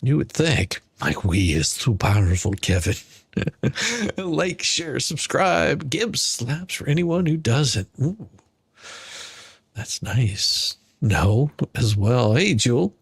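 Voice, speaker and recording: Gravelly sarcastic man mocking court filings. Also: medium pitch, big pitch swings, slow, hardly any pauses, dry recording. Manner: sarcastic, scoffing, mimics whiny voices. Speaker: YouTube legal commentary streamer. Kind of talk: mocking live-stream commentary on court filings.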